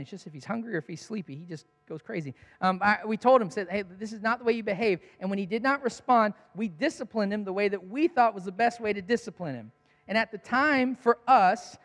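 A man's voice: sits high, big-room sound. A man preaching a sermon in a conversational storytelling way, laughing at his own story.

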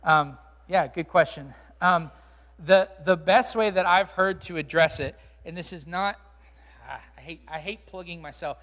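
High-voiced pastor in a reverberant hall. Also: male voice, unhurried, fairly bright tone. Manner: conversational and candid, with frequent ums and restarts. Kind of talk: sermon Q&A to a live congregation. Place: church auditorium. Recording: long reverb of a large hall.

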